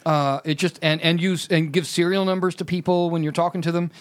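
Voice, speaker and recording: A man's voice: fairly high pitch, little pitch movement, brisk. A man hosting a casual chat, rambling and stumbling over his words, laughing a lot. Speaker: host.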